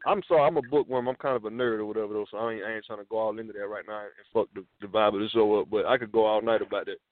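Man co-host, fast, rambling and profane, heard through a dry, tinny phone line. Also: on the low side, fairly even intonation, dry recording. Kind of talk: casual talk radio chat. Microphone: phone in hand.

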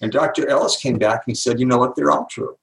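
In an echoey room, an older man interviewed as a guest author talks fast in a creaky, medium-pitched voice. He explains ideas with animation and emphasis, voicing the people in his stories as he quotes them.

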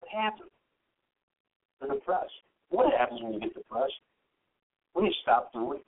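A man's voice: high-pitched, big pitch swings, normal speed, creaky, narrow, tinny audio. A man preaching a sermon, reading scripture, acting out its quoted lines and talking to listeners in a conversational, joking way. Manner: conversational, with jokes and asked questions. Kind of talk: sermon, Bible teaching.

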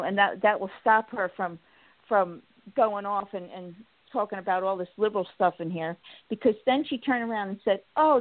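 A woman hosts a casual political talk show, stumbling through fillers and restarts before launching into animated stories. Her voice comes through a narrow, phone-like line with a dry, close sound. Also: mid-range voice, no room sound. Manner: halting, many restarts and fillers; animated storytelling, acts out quotes.

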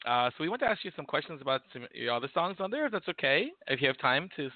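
A man's voice: fairly high pitch, very fast, no echo. Male podcast cohost, bouncy voice, giggly and unsure, dry phone-line sound. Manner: lively, giggly, hesitant with fillers. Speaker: podcast co-host. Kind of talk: casual interview questions.

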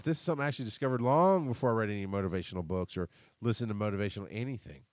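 A man's voice: lowish voice, a little mellow, no echo, studio quality. A man in his thirties hosting a podcast, talking bluntly and rambling through a casual personal monologue, swearing freely. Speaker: podcast host. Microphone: headphones and desk mic.

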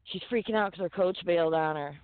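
A woman's voice: fairly low pitch, fast, clear, resonant tone, no echo. A woman guest telling stories in a casual, profane, laughing manner on a podcast. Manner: profane, laughing, animated storyteller. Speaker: guest fighter. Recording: tinny phone-like line.

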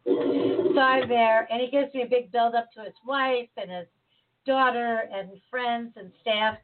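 An animated woman from Chicago chats casually and tends to jump in quickly. Her voice sits fairly high, and it sounds thin and narrow, like it is coming through a phone line. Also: a little hiss or hum. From Chicago, USA. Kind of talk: casual conversation.

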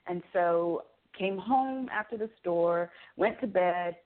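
A woman guest in an interview, explaining spiritual ideas in an earnest, preaching way and telling stories with animated delivery. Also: on the low side, slow. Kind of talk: conversational interview. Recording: phone-like remote call audio.

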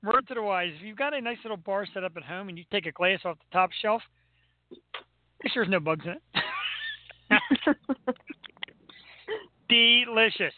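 A man's voice: high voice, expressive, moderate pace, pauses often. A man with a Philadelphia accent co-hosting a casual chat, joking and rambling. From Philadelphia area. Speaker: co-host. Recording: tinny phone-like call audio, dry.

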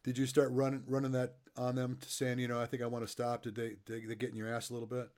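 A man's voice: mid-range voice, monotone, quick pace, a little mellow. A middle-aged man interviewing a guest and coaching, telling loose, joking stories in a casual chat. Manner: chatty storyteller, loose and joking.

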